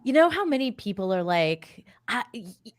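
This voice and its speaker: Chatty, higher-voiced woman with a dry sound. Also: very animated, dry recording. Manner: chatty, rambling, quick asides. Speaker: co-host. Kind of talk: casual chat about parenting.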